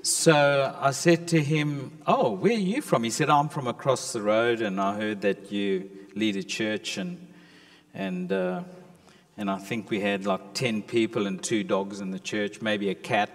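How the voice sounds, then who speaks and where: A man, a pastor addressing his church in a chatty storytelling way. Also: lowish voice. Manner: slow, chatty storytelling with warm asides. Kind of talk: casual address to a congregation. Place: church hall. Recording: long church hall reverb.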